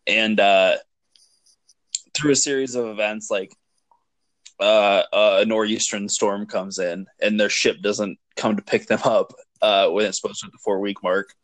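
A man's voice: lowish voice, fairly even intonation, a little slow, a bit bright, no echo. A man co-hosting a podcast, chatting casually with enthusiasm, rambling with lots of fillers and swearing. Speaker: podcast co-host. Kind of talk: casual chat.

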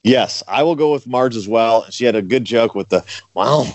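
A man's voice: medium pitch, brisk, noisy background. A man co-hosting a podcast, chatting casually and steering the segments. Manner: relaxed, leads the segments. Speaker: podcast co-host. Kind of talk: casual chat.

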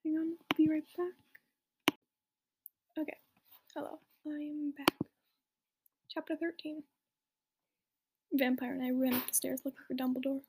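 A woman's voice: high-pitched, flat delivery, unhurried, pauses often, very noisy. Whispering young woman reading aloud. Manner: whispery, amused asides. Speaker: reader. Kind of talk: whispered reading of a fan story.

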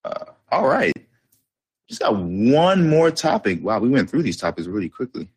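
A man's voice: mid-range voice, big pitch swings, moderate pace, husky, no room sound. A young man co-hosting a podcast, chatting casually about basketball in a loose, rambling, slangy way with lots of fillers. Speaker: podcast co-host. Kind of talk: casual sports chat.

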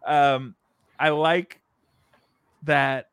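A man's voice: a little high, steady tone, drawn-out words, a bit bright, smooth, no room sound. Rambling podcast man, dry close sound. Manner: rambling, many fillers and restarts. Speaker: podcast co-host. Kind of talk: casual video game discussion.

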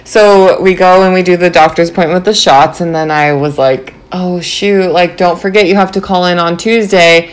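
A young woman in her twenties chats to her viewers in a bubbly, animated way, her pitch sitting a bit low. She leans heavily on casual fillers as she tells her story. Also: moderate pace, few pauses. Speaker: vlogger.

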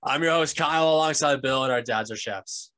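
A man co-hosting a casual food podcast, talking in a laid-back, joking way that often trails off quietly. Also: medium pitch, brisk. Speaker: podcast co-host.

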